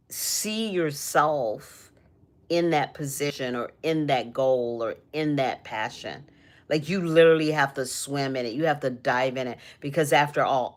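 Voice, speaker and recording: A young woman hosting a casual livestream, talking about energy and purpose, emotional and rambling with many restarts. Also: low voice. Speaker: livestream host.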